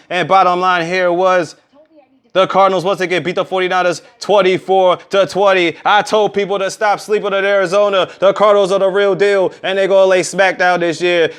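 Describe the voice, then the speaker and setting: A man giving a casual, energetic recap of football scores, full of trash talk. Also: sits high, clean tone. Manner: energetic, trash-talking, repeats "bottom line is". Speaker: sports recap vlogger. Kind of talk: casual sports recap monologue.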